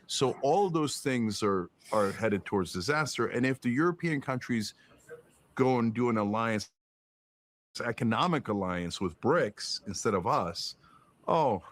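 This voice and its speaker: A man's voice: medium pitch, animated, measured pace. Emphatic, profane man ranting politics. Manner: emphatic, profane, rhetorical questions, mocking put-on quotes. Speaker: podcast guest. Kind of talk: political commentary in conversation.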